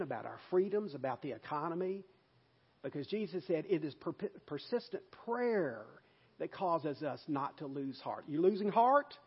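A male pastor preaching a sermon in an emphatic way, with loud bursts for stress. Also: a little high, breathy edge, muffled recording.

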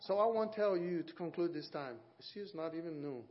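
Animated male preacher, lo-fi. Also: a little fast. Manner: animated, acts out quoted voices with big pitch jumps. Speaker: guest preacher. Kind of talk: sermon. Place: church. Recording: dull lo-fi church audio recording.

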